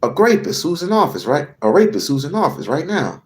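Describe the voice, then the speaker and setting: Man as a commentator on a heated rant, slightly raised voice swinging widely, slow deliberate delivery, swears and repeats himself for emphasis. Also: on the high side, sing-song. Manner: profane, emphatic, repeats phrases. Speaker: political commentator. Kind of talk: heated political rant to camera.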